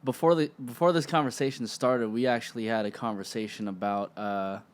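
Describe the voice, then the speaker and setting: A man hosting a casual interview show, speaking in a relaxed, slangy and supportive way with lots of affirming replies. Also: medium pitch, a little fast, clear, resonant tone. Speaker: podcast host.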